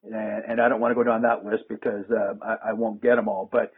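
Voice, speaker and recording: A man's voice: lowish voice, flat delivery, quick pace, husky. A man hosting a casual conversation, rambling and hesitant with frequent restarts. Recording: phone-like lo-fi line.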